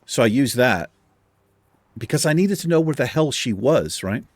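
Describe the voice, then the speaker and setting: A man spins a long, exasperated story in a casual, profanity-laced way. His voice sits at an ordinary middle pitch. The sound is dry and close, with no room around it. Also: lively intonation, normal speed, no echo. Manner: profane, exasperated anecdote telling. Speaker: gaming channel host. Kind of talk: casual storytelling over gameplay.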